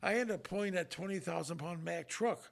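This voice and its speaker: Older man with a high gravelly voice. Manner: earnest, halting, with many restarts. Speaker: retired strongman, guest. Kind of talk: emotional storytelling.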